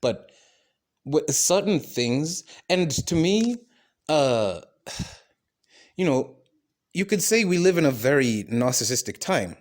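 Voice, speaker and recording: Man host, solo monologue: loose, profane, full of restarts and "right?", mid-pitched voice. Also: darkish tone. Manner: swearing, many fillers and restarts, asks "right?". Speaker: podcast host. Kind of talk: rambling monologue.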